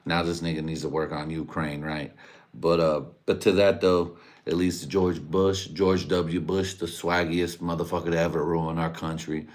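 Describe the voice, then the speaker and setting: Very deep-voiced man ranting crudely. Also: little pitch movement, moderate pace. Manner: rambling, crude, laughs at own jokes. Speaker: livestream host. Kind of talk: casual profane livestream rant.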